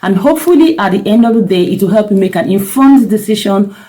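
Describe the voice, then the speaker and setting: A woman's voice: mid-range voice, animated, quick pace, mellow, poor audio. A middle-aged woman, a parenting coach giving earnest, emphatic advice straight to camera and repeating her key points. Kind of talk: direct-to-camera advice talk.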